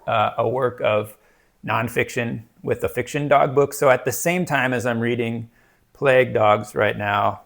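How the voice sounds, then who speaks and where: A man's voice: mid-range voice, fairly even intonation, a little slow, creaky, fairly bright tone. A man chatting casually about books, rambling with many fillers and restarts. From United States. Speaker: book reviewer. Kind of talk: casual book chat.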